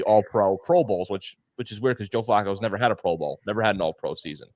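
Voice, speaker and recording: A man's voice: on the low side, a little fast, dry recording. A man in casual podcast chat as a guest fan analyst, rambling and repeating words as he talks. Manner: rambling, repeats words, animated when excited.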